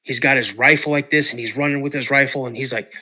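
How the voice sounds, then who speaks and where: A man from Washington state, a podcast guest telling a story in an animated way, acting out quotes and repeating words. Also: mid-range voice, fast talker. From Washington state, USA.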